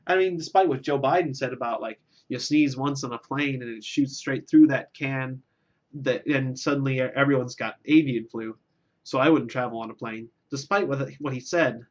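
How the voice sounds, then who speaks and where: A man's voice: mid-range voice, moderate pace, highs cut off. A man delivering a rambling, self-deprecating comic monologue, with lots of filler words and restarts. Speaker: vlogger.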